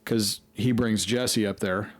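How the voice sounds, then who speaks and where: A man's voice: fairly low pitch, steady tone, takes it slowly, dry recording. A man hosting a podcast, telling a rambling, profane story in casual chat. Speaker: podcast host.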